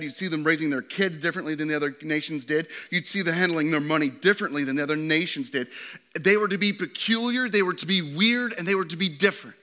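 A pastor preaching a sermon to his church, swinging from loud and excited to quiet and hushed. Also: on the high side.

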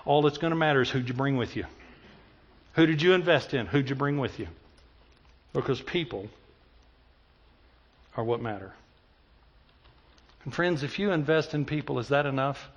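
A man's voice: mid-range voice, normal speed, long pauses, highs cut off. A man preaching a sermon as pastor, telling stories and building to impassioned emphasis.

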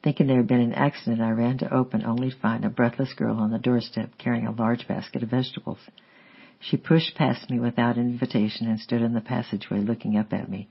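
A man steadily reading a memoir aloud in a measured, unhurried way, on a slightly dull lo-fi recording. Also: mid-range voice, steady tone, gravelly, slightly rough. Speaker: audiobook reader. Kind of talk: memoir narration read aloud.

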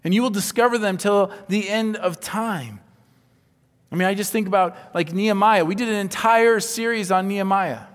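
A man's voice: sits high, moderate pace. Man preaching in a reverberant hall. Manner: swings from hushed whispers to loud emphatic preaching. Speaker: pastor. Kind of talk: sermon.

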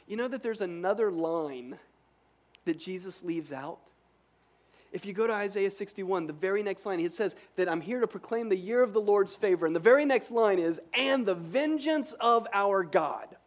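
High-voiced earnest male preacher. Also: normal speed, darkish tone. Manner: earnest, emphatic preaching with repetitions. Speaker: pastor. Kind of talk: sermon.

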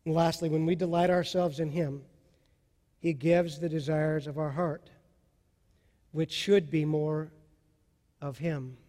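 A male pastor preaching a sermon with passion, dropping soft and then rising to loud. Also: on the high side, fairly even intonation, slow pace, long pauses, big-room sound.

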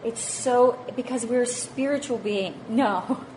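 A woman's voice: medium pitch, moderate pace, a little mellow, slight background noise. A woman in her thirties, a mother of five, giving a chatty, self-mocking talk on parenting and faith to a church group, laughing often. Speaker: speaker at a parenting session.

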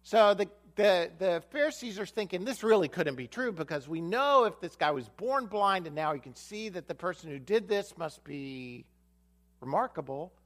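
A man delivers a sermon, retelling a scripture story and voicing its characters. His voice sits a little high and moves through a wide, animated range. He repeats key lines for emphasis. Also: normal speed. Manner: storytelling, acts out the dialogue of a Bible story. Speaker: pastor.

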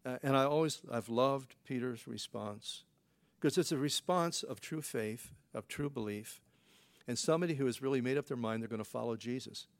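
A male pastor delivering a relaxed, conversational sermon at a mid pitch. He speaks in a folksy way, filling his talk with rhetorical questions and chuckling between points. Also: moderate pace. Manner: folksy, rhetorical questions, frequent "you know" fillers.

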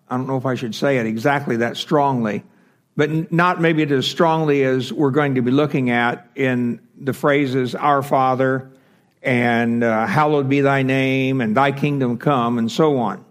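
Slow, deliberate male Bible teacher. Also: mid-range voice. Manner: deliberate, with fillers and self-corrections.

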